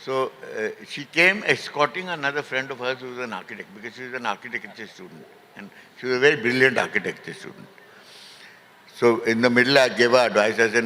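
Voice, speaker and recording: A man telling a lively anecdote on a festival stage, with frequent fillers. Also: medium pitch, brisk, a little hiss or hum. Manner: lively raconteur, acts out quoted voices, frequent fillers. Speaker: festival guest, ad filmmaker. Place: literary festival hall stage. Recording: reverberant hall.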